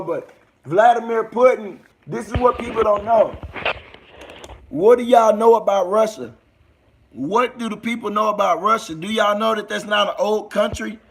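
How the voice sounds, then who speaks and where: A young Southern American man chatting on a casual livestream, his voice sitting high with a gravelly fry running through it. He rambles in loose street talk, calling out to his chat as he goes. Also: a bit bright. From United States. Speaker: livestream host.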